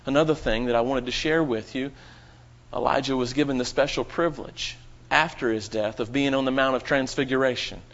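A man's voice: mid-range voice, a little fast, fairly bright tone, dull audio. A man preaching a sermon to his congregation, with dramatic rising and falling emphasis.

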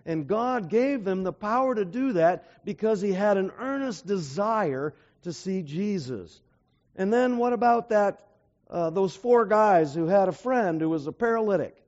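High-voiced man preaching a sermon. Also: lively intonation, unhurried, a little mellow. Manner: asks the audience rhetorical questions; emphatic, retells stories with acted-out voices. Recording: dull lo-fi recording.

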